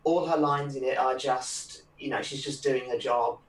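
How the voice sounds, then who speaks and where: A man's voice: medium pitch, fairly even intonation, normal speed. A man in a casual discussion, talking in a rambling way with many fillers and plenty of enthusiasm. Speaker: panelist. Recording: roomy sound from a distant mic, faint noise.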